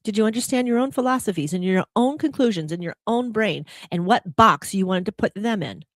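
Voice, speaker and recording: A woman's voice: medium pitch, fairly quick, no room sound, clean studio sound. A woman hosting a reflective spiritual talk show, who often puts rhetorical questions to the listener. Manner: animated, laughing when telling about herself. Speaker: podcast host.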